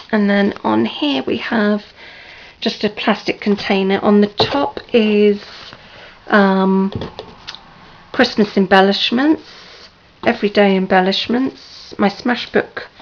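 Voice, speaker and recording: A woman with a hoarse, sore-throated voice gives a slow, hesitant, apologetic tour of her room, with many ums. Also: medium pitch. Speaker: crafting vlogger. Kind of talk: casual room tour vlog. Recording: dull lo-fi home video with faint noise.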